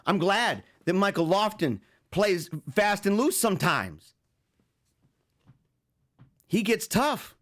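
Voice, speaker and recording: A man's voice: sits high, sing-song, slow, long pauses, fairly bright tone. A man hosting a talk show, talking in a casual, joking monologue and acting out little scenes with frequent chuckles. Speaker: show host.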